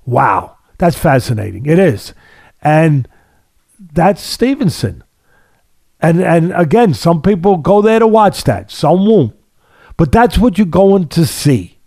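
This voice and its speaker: A man's voice: fairly high pitch, sing-song, slow, gravelly, darkish tone, no echo, clean studio sound. A man hosting a casual sports talk podcast as a boxing analyst. He talks emphatically, repeating phrases for stress, with a sardonic edge and long analogies.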